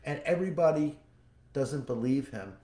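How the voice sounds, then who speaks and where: A man's voice: fairly high pitch, animated, moderate pace, warm tone. A man hosting a podcast, giving a spiritual teaching talk as a folksy storyteller who repeats his key phrases. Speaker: podcast host and psychic medium. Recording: echoey room.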